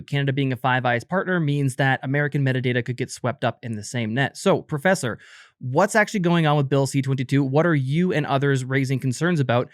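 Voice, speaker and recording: Male podcast host, mid pitch, rapid and earnest; reads the intro, then interviews. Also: dry recording, clean studio sound. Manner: brisk, earnest, scripted-sounding intro.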